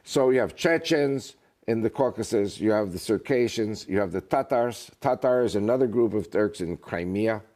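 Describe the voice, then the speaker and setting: Male guest, lively and joking, pitch swinging freely. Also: normal speed. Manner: animated, joking storyteller. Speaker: guest, author and politician. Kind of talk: casual interview talk.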